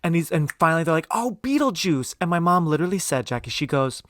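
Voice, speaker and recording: A man's voice: fairly high pitch, racing, dry recording, studio quality. A man hosting a podcast, chatting casually and with enthusiasm about movies, often drifting into tangents. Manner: animated, enthusiastic, goes off on tangents. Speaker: podcast host. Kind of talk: casual chat.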